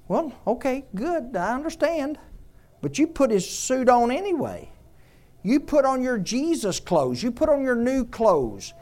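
A man's voice: extremely high pitch, big pitch swings, measured pace. Man preaching to his congregation. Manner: conversational preaching, asks the congregation questions; drops to a soft hush on tender points. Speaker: pastor. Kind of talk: sermon.

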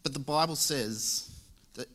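A man's voice: a little high, takes it slowly, a bit bright. A young man preaching a church sermon in a casual, joking way. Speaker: lay preacher. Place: church service.

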